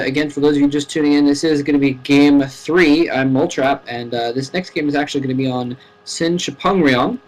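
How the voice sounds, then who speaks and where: A man's voice: mid-range voice, poor audio. Chatty man casting a game from home. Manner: casual, chatty, laughs often, rises sharply when excited. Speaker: esports caster. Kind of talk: live game commentary. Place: home room.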